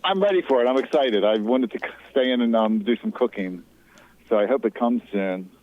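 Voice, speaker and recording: A man's voice: mid-range voice, a little fast. A male caller on a radio phone-in, chatting in an easygoing, teasing way. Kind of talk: phone-in chat. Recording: muffled phone-in line.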